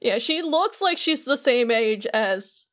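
A woman with a fairly high voice on a casual podcast. She walks through a story scene by scene and drops into quick quoted lines from the characters without changing her own voice. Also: lively intonation. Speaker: podcast co-host.

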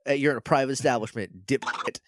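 A man's voice: mid-range voice, quick pace, fairly bright tone, no room sound. A man co-hosting a podcast, recapping a TV episode in casual chat and acting out the characters' lines. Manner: retells scenes by quoting characters, casual and profane. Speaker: podcast co-host.

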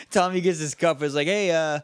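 A man's voice: a little high, dry recording, clean studio sound. A man co-hosting a podcast, chatting casually and jokily, often laughing. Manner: giggly, jokey, quick to laugh. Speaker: podcast co-host. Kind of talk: casual recap chat.

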